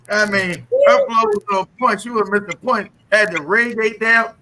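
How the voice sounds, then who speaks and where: A man's voice: sits high, bright, forceful tone, slight background noise, poor audio. A man hosting a casual live talk show, joking and teasing with lots of laughter.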